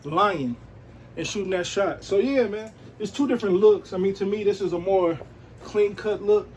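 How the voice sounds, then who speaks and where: Laid-back man, slightly high voice. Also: moderate pace, warm tone, a little hiss or hum, rough recording. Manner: laid-back, slangy, peppered with "you know what I'm saying". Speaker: sneaker and streetwear vlogger. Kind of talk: casual show-and-tell.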